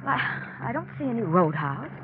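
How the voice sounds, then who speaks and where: A woman's voice: medium pitch, sing-song, normal speed, phone-quality sound, close to an everyday voice. An actress playing a clinging young woman who turns terrified, in 1940s radio acting style, on a scratchy old broadcast recording. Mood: pleading. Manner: pleading, breathy, then screaming in panic.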